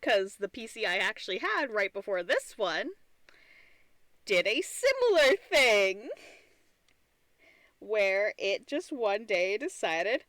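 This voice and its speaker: A woman's voice: mid-range voice, big pitch swings, slow, pauses often, a bit bright, no echo. A tired woman streamer chatting casually and rambling, with frequent restarts and giggly asides. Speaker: streamer and artist. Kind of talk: casual live-stream chat.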